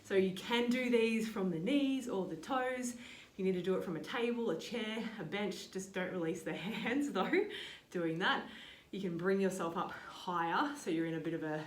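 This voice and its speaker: A woman leading a yoga and strength workout, calmly cueing each move and breath. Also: medium pitch, normal speed, far from the mic. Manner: calm step-by-step cueing with breath counts. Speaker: fitness and yoga instructor. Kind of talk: guided workout instruction. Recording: roomy sound, voice off-mic.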